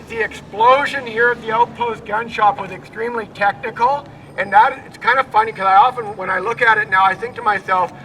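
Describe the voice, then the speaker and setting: A man's voice: high-pitched, bright, forceful tone, recorded from a distance, slight background noise, poor audio. A middle-aged man leading a walking tour outdoors, telling anecdotes in a rambling way with many fillers and restarts. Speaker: tour guide. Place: outdoors on a town street.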